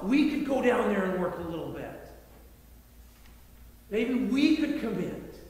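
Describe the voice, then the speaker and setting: A man pastor preaching a sermon in an earnest way, repeating phrases and shifting between loud appeals and quiet reflection, in a large church sanctuary. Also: sits high. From United States. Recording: echoey hall, faint background noise.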